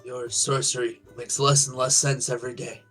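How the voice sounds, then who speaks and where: A man's voice: mid-range voice, flat delivery, moderate pace, fairly bright tone, soft background music, close to an everyday voice. A man voicing a skeptical ship crewman who questions what he sees, in an incredulous manner.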